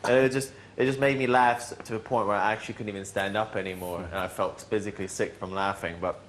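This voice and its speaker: A man's voice: fairly low pitch, quick pace, slight background noise. Chatty young man. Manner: rambling, animated storytelling with restarts. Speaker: reality show housemate. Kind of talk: casual chat.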